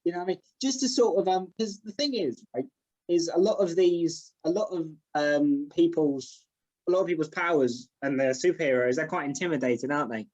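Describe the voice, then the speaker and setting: Rambling young comedian on a call. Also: male voice, fairly high pitch, fairly quick, darkish tone. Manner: rambling, self-deprecating, lots of "you know what I mean". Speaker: comedian guest. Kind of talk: casual interview chat. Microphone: video call.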